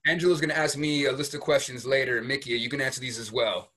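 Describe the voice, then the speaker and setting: Bright, husky-voiced male podcast host. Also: mid-range voice, fairly even intonation, fast. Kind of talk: casual podcast chat.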